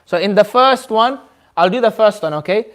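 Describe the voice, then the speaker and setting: A high-voiced man with a fairly bright tone and normal pace runs a classroom lesson on Quran recitation at a community centre. He quizzes students patiently and pronounces the sounds for them to copy.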